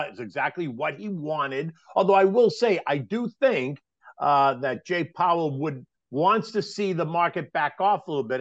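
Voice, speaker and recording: A man's voice: a little high, no echo. Male market guest on a dull line. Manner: conversational, hesitant restarts. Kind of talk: casual market talk.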